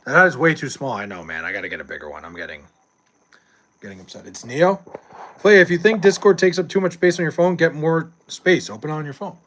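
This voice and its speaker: A man's voice: on the high side, animated, a little fast, fairly bright tone. A young adult man streaming live, chatting casually with viewers and reading chat, loose and profane with frequent laughs.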